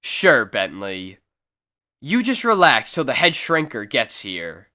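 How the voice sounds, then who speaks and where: A man voicing a gruff, skeptical police sergeant in a comic reading. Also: mid-range voice, huge pitch swings, slow pace, pushed and bright, heavily acted. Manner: gruff, dismissive.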